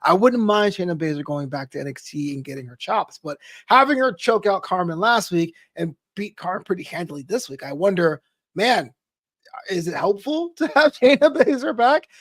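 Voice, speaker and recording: A man with a high voice co-hosting a podcast, talking in an emphatic, animated way and joking as he goes. He leans hard on his points. The recording is dry and close to the mic. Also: moderate pace, no echo. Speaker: podcast co-host. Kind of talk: casual wrestling podcast chat.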